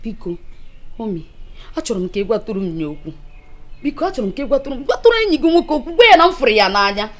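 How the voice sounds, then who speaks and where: A woman's voice: on the high side, sing-song, very fast. An actress with a Nigerian accent playing a tearful young woman begging a friend to pass on a message of love. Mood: pleading. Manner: pleading, insistent.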